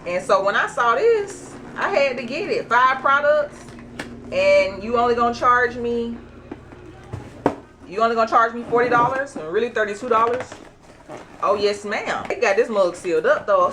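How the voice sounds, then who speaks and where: A woman chatting casually through an unboxing, animated and excitable. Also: a little high, normal speed, slight background noise. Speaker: beauty vlogger.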